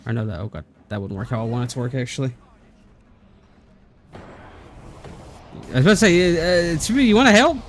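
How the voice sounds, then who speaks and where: A man's voice: medium pitch, brisk, long pauses, a little hiss or hum. Sarcastic man narrating his gameplay. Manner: sarcastic, swears, mutters while playing. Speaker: streamer. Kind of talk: casual gameplay commentary.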